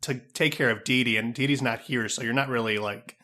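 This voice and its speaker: A man co-hosting a comedy podcast, playing along in improv with a hesitant, halting way of talking. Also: mid-range voice, steady tone, pushed and bright. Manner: hesitant, full of filler words. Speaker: podcast co-host.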